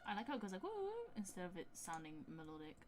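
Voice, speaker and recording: A young woman chatting casually on a livestream while producing music, thinking out loud and drifting into soft asides. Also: fairly low pitch, quick pace, noisy background.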